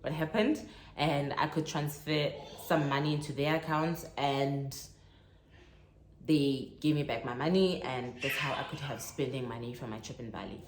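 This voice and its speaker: A young South African woman telling a lively travel story in a casual vlog, acting out the dialogue as she goes. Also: extremely low pitch, normal speed, reverberant, a little hiss or hum. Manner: animated storytelling, acts out dialogue. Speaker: vlogger. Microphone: phone on tripod.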